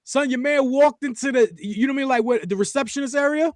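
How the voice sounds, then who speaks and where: A man hosting a casual chat show, telling stories in an animated, profane way. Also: extremely high pitch, quick pace, dry recording, studio quality. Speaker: podcast host.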